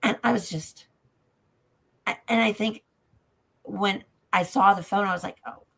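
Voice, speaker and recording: A woman telling a personal dream story in a casual chat, halting and emotional, dropping softer at times. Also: medium pitch, steady tone, creaky, slightly rough.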